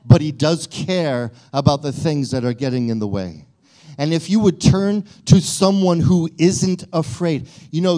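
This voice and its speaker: A man's voice: on the high side, dark tone. A male pastor preaching a sermon in a conversational way, often repeating and restarting his phrases.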